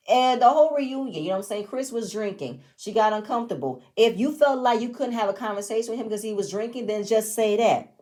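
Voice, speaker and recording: A woman's voice: fairly high pitch, fast talker, darkish tone. A woman giving casual review commentary on a reality show, blunt, opinionated and often profane. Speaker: reality TV recapper.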